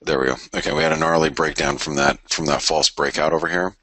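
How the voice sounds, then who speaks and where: Over background noise, a middle-aged forex show host rambles through casual live market commentary in a bass voice. His pace is fast and his intonation fairly even, and he keeps stammering and restarting as he works out his thoughts aloud.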